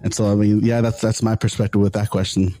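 A man's voice: fairly low pitch, level tone, fast talker, warm tone, no echo, soft background music. A man co-hosting a podcast, talking earnestly about faith in casual chat, often repeating and restarting his words.

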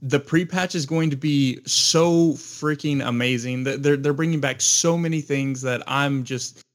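A man's voice: medium pitch, unhurried. Rambling easygoing podcast man. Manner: relaxed, rambling, filler-heavy. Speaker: podcast co-host. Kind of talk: casual chat.

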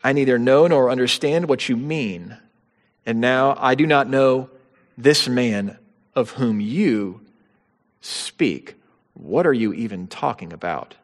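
A man preaching a sermon in an earnest, emphatic way, pressing his stresses higher as he drives points home. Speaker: pastor. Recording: long hall reverb.

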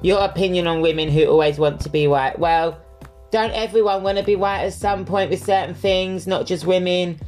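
A man's voice: high voice, moderate pace, darkish tone, faint music behind. Chatty man, candid podcast talk. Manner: candid and chatty, with frequent fillers. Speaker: podcast host. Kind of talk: casual solo Q&A chat.

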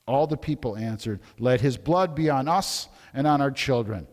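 A man as pastor reading a scripture passage, raising his voice for the crowd's shouts. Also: medium pitch, moderate pace, long reverb tail. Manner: dramatic, raising voice for crowd lines.

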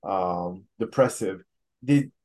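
A man hosting a podcast interview, asking halting questions between short affirmations. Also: low voice, a little mellow. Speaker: podcast host.

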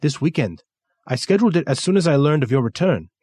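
A man's voice: a little high, expressive, fast talker, a little mellow, dry recording, clean studio sound, pitched above the performer's own voice. A man voicing a polite, formal Japanese male art dealer with a thick Japanese accent, speaking with courteous deference.

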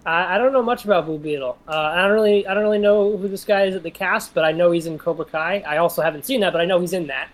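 A man's voice: high-pitched, fast talker, hardly any pauses. A man co-hosting a casual podcast, rambling with many restarts. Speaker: podcast co-host.

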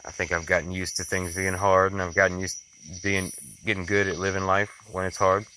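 A man's voice: sits low, flat delivery, a little fast, pushed and bright, slight background noise, poor audio. A young man, rambling and reflective in a casual daily video diary about being a father. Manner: rambling, reflective, with many fillers and restarts. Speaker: vlogger, father.

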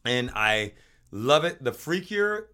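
Lively, bright-voiced man hosting. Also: medium pitch, clear, resonant tone. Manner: enthusiastic, joking, quick to laugh. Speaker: podcast host. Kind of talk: casual interview chat.

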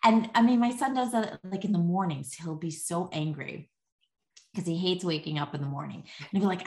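A woman's voice: on the low side, brisk, darkish tone. A middle-aged woman, a podcast guest, talking casually and chattily with many filler words and light laughs. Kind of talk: casual conversation. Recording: echoey room.

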